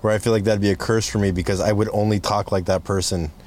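A man's voice: on the low side, fairly even intonation, fast, darkish tone, slight background noise. A man hosting a casual podcast, loose and profane, laughing often as he talks. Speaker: host. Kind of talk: casual chat.

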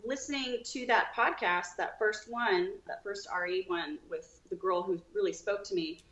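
A woman guest on a podcast, telling her own story with lively, acted-out dialogue. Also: mid-range voice, normal speed, roomy sound, lo-fi sound. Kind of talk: storytelling in an interview.

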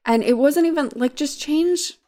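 A woman's voice: sits high, normal speed, mellow. A young woman co-hosting a casual chat, blunt and sardonic and swearing freely. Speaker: podcast co-host.

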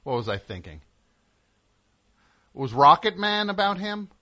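A man's voice: high-pitched, huge pitch swings, drawn-out words, long pauses, a bit bright. A middle-aged man hosting a comedic call-in radio show, teasing his caller with rambling, joking tangents.

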